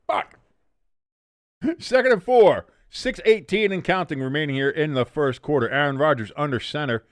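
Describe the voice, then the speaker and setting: A man's voice: a little high, expressive, moderate pace, dry recording, clean studio sound. A young man hosting a casual live watch-along of a football game, rambling, self-mocking and swearing freely as he calls plays.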